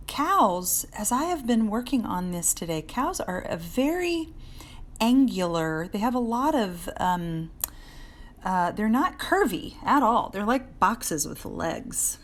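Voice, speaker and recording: Chatty woman teaching drawing. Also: lowish voice. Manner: chatty, encouraging, talks while drawing and answers viewers by name. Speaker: art teacher. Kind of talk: live drawing lesson for children. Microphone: phone held in hand.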